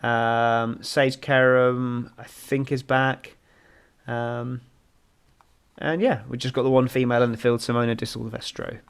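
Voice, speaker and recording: A man's voice: mid-range voice, little pitch movement, unhurried, vocal fry, clean tone. A man co-hosting a casual motorsport podcast, rambling through results with plenty of ums and restarts. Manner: rambling, runs through standings with many fillers. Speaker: podcast co-host.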